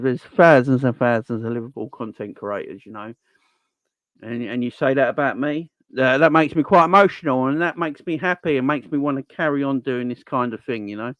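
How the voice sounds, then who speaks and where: A man of middle pitch hosts a casual live-stream Q&A for his football channel. He talks earnestly and energetically, circling back to repeat his phrases for emphasis. His voice sounds close and dry, with no room around it. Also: dry recording, lo-fi sound.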